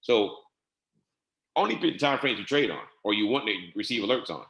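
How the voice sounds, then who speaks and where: A man's voice: lowish voice, big pitch swings, a little fast, gravelly, a bit bright, echoey room. Man giving a casual trading tutorial. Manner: casual, repetitive step-by-step instructions. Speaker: trading instructor. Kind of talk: screen-share software tutorial.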